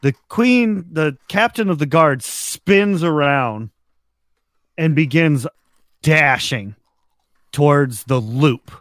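Slow-paced man running a tabletop game. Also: fairly high pitch, expressive, a bit bright, no echo. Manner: slow, laughs between narration. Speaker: game master.

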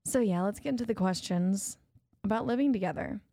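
A woman's voice: medium pitch, a little fast, warm tone, no echo. A young woman co-hosting a casual podcast, playful and laughing often as she talks. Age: young adult. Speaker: podcast co-host. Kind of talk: casual chat.

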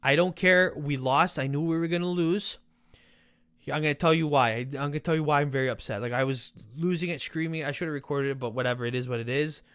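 A man hosting a football podcast, ranting sarcastically and swearing as he talks to the players directly, his voice worn from yelling. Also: fairly high pitch, quick pace, no echo. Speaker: podcast host. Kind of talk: casual football rant.

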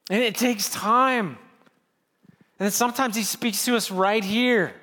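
High-voiced pastor preaching in a reverberant hall. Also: male voice, unhurried, bright, forceful tone. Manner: earnest preaching with rising, pleading emphasis and repeated phrases. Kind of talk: sermon.

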